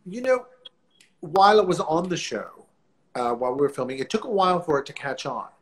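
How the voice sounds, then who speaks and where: A man, a guest actor telling stories in a relaxed live interview over a video call, rambling warmly with frequent restarts. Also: fairly high pitch, fairly quick. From New Orleans, USA. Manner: warm, rambling storyteller with many restarts. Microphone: phone or laptop on a video call.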